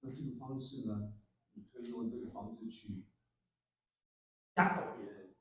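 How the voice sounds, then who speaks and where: A man's voice: on the low side, fairly even intonation, normal speed, fairly bright tone. A man co-teaching a church class, speaking hesitantly with many fillers and switching languages. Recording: echoey room, far from mic, faint noise.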